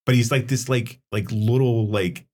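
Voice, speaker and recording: A man's voice: mid-range voice, steady tone, moderate pace, a little mellow. A man co-hosting a podcast, talking casually and profanely about a film, rambling with many restarts. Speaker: podcast co-host.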